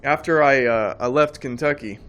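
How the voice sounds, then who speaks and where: A man preaches in a plain, mid-pitched voice. He talks emphatically and loosely, circling back and repeating phrases as he builds his point. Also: normal speed, a bit bright, dull audio. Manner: emphatic, rambling, repeats words. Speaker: Christian speaker. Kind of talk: preaching monologue.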